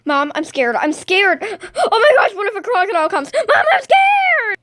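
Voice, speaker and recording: A woman's voice: expressive, normal speed, a bit bright. A woman voicing a scared, whiny little girl pet in a toy skit, crying out to her mom. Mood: frightened. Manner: whiny, shrill cries.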